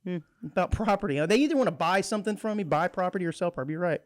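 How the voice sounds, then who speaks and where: A man hosting a radio show, chatting in a jokey, animated way and laughing often. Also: sits high, racing, no room sound. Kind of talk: casual radio banter. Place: radio studio.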